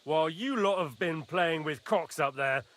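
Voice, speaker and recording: A man's voice: a little high, normal speed, a bit bright, lightly acted. An actor playing a hot-tempered noble knight who barks and swears at the people in his camp. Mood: angry. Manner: angry, barking, foul-mouthed. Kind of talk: video game dialogue.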